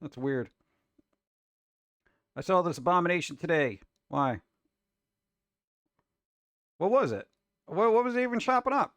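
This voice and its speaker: A man's voice: sits high, expressive, a little slow, long pauses, fairly bright tone, no echo. A man hosting a casual reaction show about food videos, talking in an exasperated, wisecracking way.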